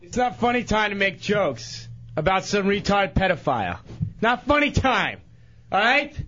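High-pitched ranting man on radio. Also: sing-song, normal speed, dull audio. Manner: ranting and yelling taunts. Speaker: radio show co-host, prank victim. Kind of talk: radio banter.

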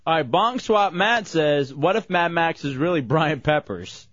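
A man's voice: a little high, animated, a little slow, fairly bright tone, dry recording, highs cut off. A man hosting a radio show, laughing, teasing a co-host and reading listener messages. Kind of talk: radio banter.

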